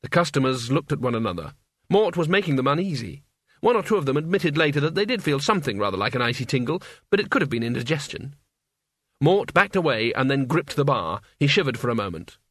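A man narrating a story aloud in an expressive, wry reading. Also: medium pitch, quick pace, dry recording, clean studio sound. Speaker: audiobook reader. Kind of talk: scripted narration.

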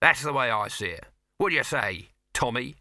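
Male narrator voicing a loud, bossy showman type. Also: mid-range voice, expressive, moderate pace, no echo, studio quality. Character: pushy, fast-talking male film producer.

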